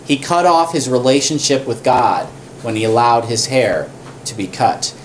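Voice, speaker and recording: A man preaching a sermon as a pastor, telling a story with animated, repetitive emphasis. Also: mid-range voice, moderate pace, a little hiss or hum. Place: church.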